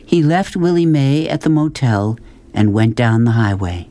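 A man reading a novel aloud as audiobook narration, in a calm, measured storytelling manner. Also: medium pitch. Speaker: audiobook reader.

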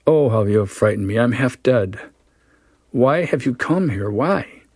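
Male reader doing a breathless young woman begging her lover, pitched way up, high-strung imploring tone, dry close sound. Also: expressive, measured pace, darkish tone, breathy edge, no echo. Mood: frightened. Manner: breathless, imploring, rising to cries. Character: frightened, pleading young woman in love. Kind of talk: dramatic reading of a story.

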